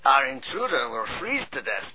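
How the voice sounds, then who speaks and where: A man's voice: mid-range voice, sing-song, moderate pace, crowd noise, lightly acted. A man voicing a practical, blunt male starship mechanic in a space adventure story. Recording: tinny phone-like sound.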